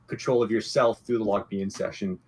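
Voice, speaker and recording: Low-voiced matter-of-fact male podcaster. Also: fairly even intonation, a little fast, a little mellow, a little hiss or hum. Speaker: podcast co-host. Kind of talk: casual chat.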